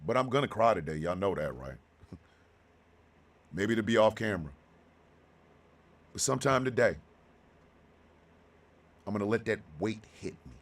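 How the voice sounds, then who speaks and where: Guy in his 50s, low voice, talks slow n heartfelt on his radio show. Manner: heartfelt, slow and halting, then bursts of loud excitement. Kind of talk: emotional monologue.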